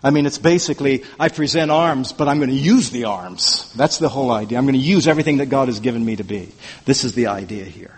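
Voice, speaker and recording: A man's voice: medium pitch, fast talker, breathy edge, in a large hall. A man preaching an expository sermon, earnest and emphatic, often repeating words as he restarts a thought.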